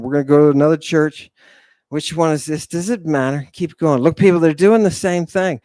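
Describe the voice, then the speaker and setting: Speaking a little fast in a voice on the high side, a man hosting the recording lectures on scripture with impassioned, preacherly energy; there's no room sound. He sighs a lot, makes sarcastic asides, addresses his audience as "people," and keeps tacking on "right?"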